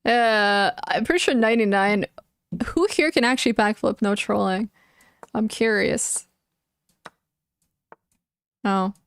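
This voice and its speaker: A young adult woman streams chess and chats casually and emotionally with her viewers, leaning heavily on "like." Her mid-range voice is smooth and slow with frequent pauses, and there's no echo.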